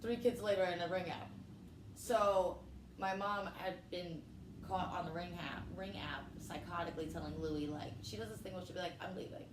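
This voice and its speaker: Woman comic, profane storyteller, mid-pitched, recorded in an echoey room. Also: normal speed. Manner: brash, profane, animated storytelling with acted quotes. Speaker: comedian guest. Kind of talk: casual storytelling chat. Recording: echoey room with faint noise.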